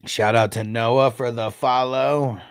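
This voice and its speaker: A man's voice: medium pitch, fairly even intonation, slow, clear, resonant tone, no room sound, clean studio sound. A man in his thirties hosting a fantasy football live stream, chatting casually, laughing and swearing. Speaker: fantasy football livestream host.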